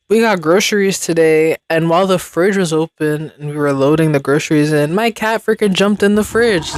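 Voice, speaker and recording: A woman's voice: low voice, moderate pace, dry recording. A young adult woman hosting a podcast, rambling in casual chat with slang and frequent laughs. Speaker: podcast host.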